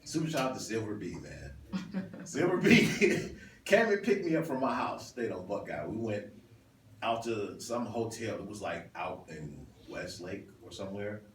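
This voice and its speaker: A man in his forties hosts a casual talk and tells stories with lively energy and frequent laughter. He sits back from the microphone in a roomy, echoing space, with a faint ambient hum behind him. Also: lowish voice, a little slow. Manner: animated storyteller who laughs often. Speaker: host DJ. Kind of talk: casual chat. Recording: roomy, distant mic.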